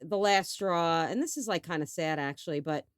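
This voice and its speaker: A woman's voice: fairly low pitch, normal speed, clear, resonant tone, no echo, studio quality. A woman in her forties from New York, co-hosting a casual podcast chat, telling stories animatedly, acting out quotes and swearing freely. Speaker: podcast co-host.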